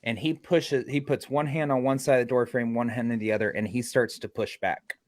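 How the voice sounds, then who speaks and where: A man, a paranormal investigator, telling an investigation story in a lively way and acting out what people said. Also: medium pitch, brisk, no room sound. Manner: lively, acts out quotes. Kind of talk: animated storytelling.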